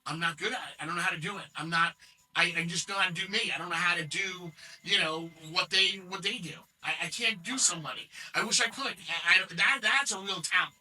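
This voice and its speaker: Casual podcast host, forties, New Jersey accent, bright and eager, stumbles over his words, recorded from a distance. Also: sits high, fast talker, breathy edge. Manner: hesitant, repeats words, enthusiastic. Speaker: show host.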